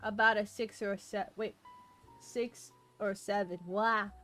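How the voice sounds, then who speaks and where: A woman streaming a history presentation live, excitable and self-deprecating, laughing often and reading chat aloud. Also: mid-range voice, a little slow. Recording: faint music behind voice.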